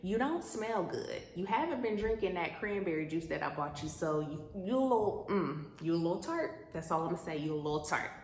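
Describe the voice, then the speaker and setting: A woman's voice: lowish voice, expressive, brisk, few pauses, darkish tone, echoey room, slight background noise. A woman doing Naomi, a bossy scolding older woman. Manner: blunt, scolding, sassy.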